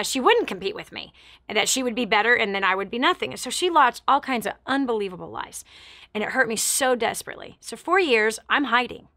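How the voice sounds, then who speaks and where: A woman's voice: on the high side, pushed and bright, dry recording, studio quality. A woman hosting a talk show, telling a personal story with emphatic, repeated phrases and acting out what others said. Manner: acts out other people's words in her story. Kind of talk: motivational radio monologue.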